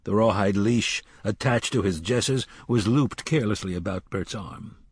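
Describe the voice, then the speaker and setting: Low, husky male audiobook narrator. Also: no echo, studio quality. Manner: measured, dramatic storytelling.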